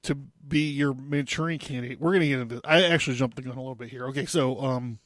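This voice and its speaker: A man's voice: medium pitch, fast, fairly bright tone, no echo. A young man hosting a casual history podcast, rambling loosely with lots of fillers and asides. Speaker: podcast host.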